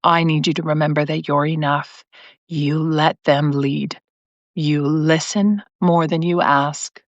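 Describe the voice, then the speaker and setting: A woman quoting a gentle, soft-spoken woman mentor, speaking slowly and tenderly. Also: low voice, fairly even intonation, dry recording. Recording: dry, slightly muffled stream audio.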